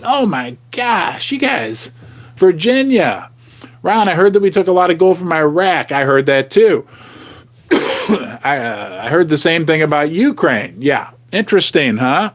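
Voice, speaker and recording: A male host in a loose, jokey livestream chat. His voice sits high for a man and swings widely in pitch, and he stays animated while he riffs on viewer comments.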